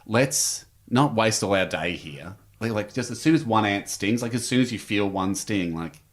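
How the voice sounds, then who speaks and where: An Australian man telling a story as a podcast guest, lively, with big pitch jumps when he acts out quotes. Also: normal speed. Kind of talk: animated storytelling.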